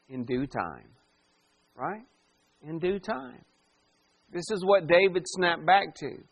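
A man preaching a sermon in a high voice, taking his time over each line. He swells for emphasis and drops to a near hush, and the recording sounds a little dull and lo-fi. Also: animated, extremely slow, gravelly, long pauses, breathy edge. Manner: preaching verse by verse, rising and dropping to a hush for emphasis. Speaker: pastor.

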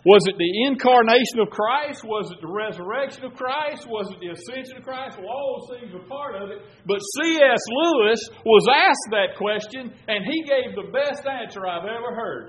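A man's voice: very high voice, animated, moderate pace, hardly any pauses, rough recording. A man preaching a sermon in a folksy storytelling way that gets worked up.

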